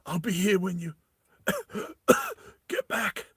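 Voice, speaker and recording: A man's voice: sits high, wildly swooping pitch, drawn-out words, fairly bright tone, breathy edge, no room sound, studio quality, pitched above the performer's own voice, heavily acted. A man playing a lovesick, earnest man waiting alone in a tent.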